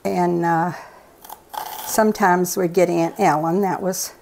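A low, gravelly older woman chats in a folksy, rambling way as she makes a dish, drifting into stories between steps. Her voice is rough with fry and sits on the low side. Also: steady tone, takes it slowly, a little mellow, slight background noise. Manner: rambling, folksy, chatty asides. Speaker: cooking show regular, host's mother. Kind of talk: casual storytelling while cooking.

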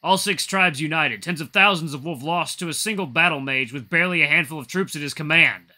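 A man's voice: fairly high pitch, fairly quick, sharp tone, voice pushed up. A man voicing a blunt, weary male wolf chief who lectures sternly, in a visual novel reading. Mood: grim.

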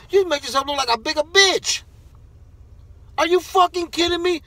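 A man's voice: extremely high pitch, moderate pace, pushed and bright. A man who wrestles, ranting to camera in a heated, profane, rambling way. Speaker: wrestler vlogger.

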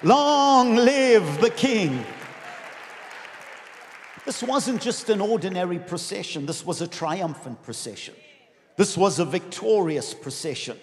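A pastor preaching a sermon with passion, often shouting and leading his congregation in declarations. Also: high-pitched, expressive, measured pace, some chatter behind. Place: large church dome. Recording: long hall reverb.

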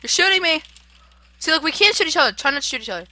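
A young woman hosting a casual game playthrough, excitable, swearing and yelling at the game. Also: sits high, very fast. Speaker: gaming channel host. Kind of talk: casual let's-play chat.

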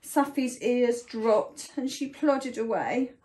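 A woman reading a picture book aloud for children in an animated, sing-song storytime manner. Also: on the high side, slow. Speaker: storytime reader.

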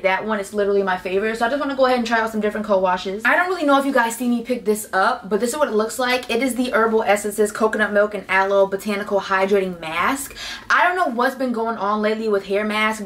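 A teenage girl chats through a hair-care haul. She gushes and repeats herself, piling up excited praise in a loose, casual way. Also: medium pitch. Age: teens. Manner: gushing, chatty, repeats herself. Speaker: beauty vlogger.

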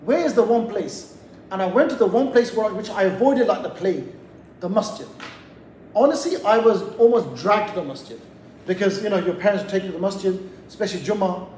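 A man's voice: high voice, a little fast, darkish tone, slight background noise. A man from England giving a motivational lecture to young people in a community hall, telling a casual story with lots of asides. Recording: echoey hall, voice heard from a distant mic.

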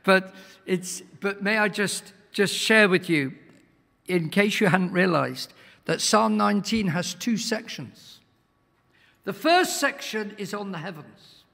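A man preaches to a congregation in a high, gravelly voice. He pushes his points hard and sometimes nearly shouts. Long reverb rings around him in the church hall. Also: expressive, slow. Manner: emphatic, swells to near-shouts, asks the congregation questions. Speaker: guest preacher. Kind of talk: sermon.

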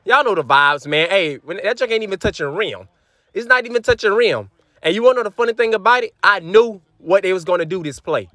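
A young man giving loud, animated trash-talk commentary over his basketball video game to his chat, sometimes slipping into a sing-song. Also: high voice, quick pace. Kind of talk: hyped gameplay commentary.

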